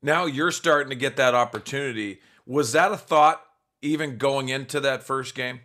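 Brief: male co-interviewer, mid pitch, quick halting questions. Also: bright, forceful tone.

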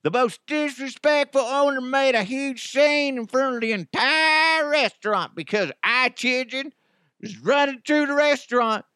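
A man voicing a furious parent reviewer in a goofy put-on accent, reading a complaint aloud in a high, yelling voice. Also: measured pace, smooth, no echo, studio quality, heavily acted. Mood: outraged ranting. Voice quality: goofy, shrill, over-the-top. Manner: ranting, yelling.

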